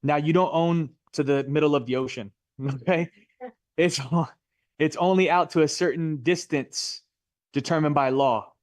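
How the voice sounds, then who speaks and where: A man's voice: a little high, moderate pace, no room sound, studio quality. A middle-aged man teaching a live real estate license class in a Florida classroom, chatty and jokey, often quizzing his students.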